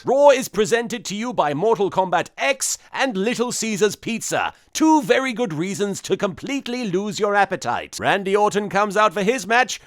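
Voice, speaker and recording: Man, sarcastic comedy recap host, high and lively voice, dry close-mic studio voice-over. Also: no room sound. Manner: sarcastic, deadpan asides. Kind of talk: satirical comedy recap narration.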